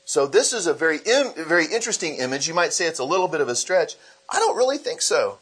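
A man's voice: fairly high pitch, fast, husky. A man preaching a sermon as pastor, reading scripture aloud and explaining it, slipping into acted voices for the people in the story. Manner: animated, acts out quoted voices.

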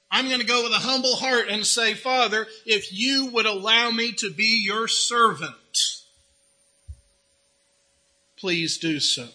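A preacher voicing a pleading, repentant son. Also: male voice, extremely high pitch, pushed and bright, full character voice. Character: humble repentant younger son.

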